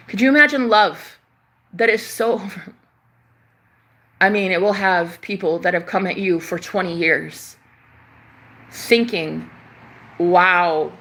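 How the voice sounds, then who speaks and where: A woman giving an impassioned, profane spiritual pep talk, repeating phrases for emphasis and swinging between loud outbursts and soft murmured prayers. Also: mid-range voice. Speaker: spiritual channeler.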